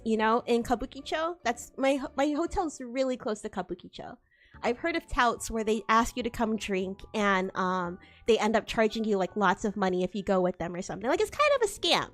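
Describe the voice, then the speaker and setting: A young woman streaming, telling a story in casual chat with lively delivery, frequent laughter and swearing. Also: a little high. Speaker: VTuber streamer.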